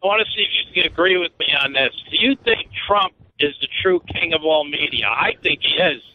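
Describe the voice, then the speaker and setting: A male caller phoning in to a radio show, talking fast and ribbing the host. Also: fairly high pitch, animated, no room sound. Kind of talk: phone-in call. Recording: dull phone-in line.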